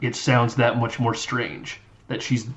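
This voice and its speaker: A man's voice: mid-range voice, level tone, takes it slowly, highs cut off, crowd noise. A man hosting a podcast, recapping a movie in casual, rambling chat and acting out lines in silly voices. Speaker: podcast host.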